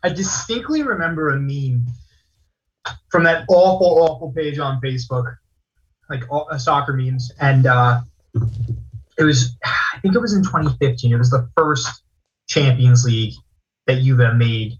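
A man co-hosting a casual sports podcast, telling animated stories and swearing casually. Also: medium pitch, measured pace, pauses often, highs cut off. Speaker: podcast co-host. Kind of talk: casual chat.

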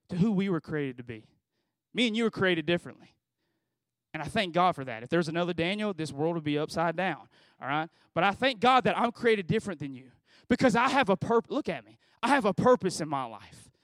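A man's voice: high-pitched, dry recording. A man in his thirties giving a conversational sermon at a graduation service, asking the audience question after question and circling back on his phrases. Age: 30s. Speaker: pastor.

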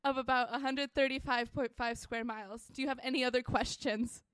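A young woman co-hosting a podcast, chatting casually in an animated, joking way. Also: sits high, a little fast, clear, resonant tone, no echo, studio quality. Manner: animated, joking, breaks into mock voices. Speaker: podcast co-host. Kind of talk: casual chat.

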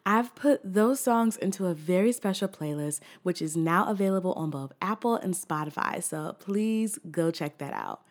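A woman hosting her own podcast from the corner of her room, delivering an earnest, expressive monologue with casual slang and easy laughs. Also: medium pitch. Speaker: podcast host.

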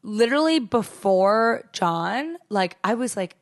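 A woman's voice: mid-range voice, expressive, slow pace. A woman co-hosting a casual chat, candid and chatty, with lots of fillers.

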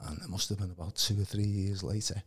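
A man telling his personal testimony in a casual, animated way. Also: deep voice, fast, breathy edge. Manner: animated, acts out quoted voices, calls the host mate. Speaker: guest giving testimony. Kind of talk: casual storytelling.

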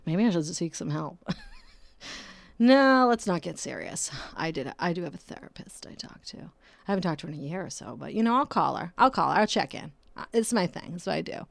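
A woman's voice: on the low side, very animated, brisk, gravelly, no room sound. A woman in her thirties hosting a casual solo podcast, rambling and self-mocking, laughing often and swearing casually. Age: 30s. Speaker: podcast host.

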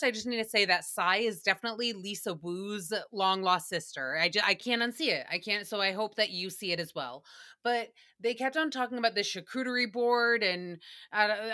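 Bright, sassy woman podcaster. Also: medium pitch. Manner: sassy, swears, laughs often, acts out quotes. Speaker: podcast host. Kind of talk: casual solo recap chat.

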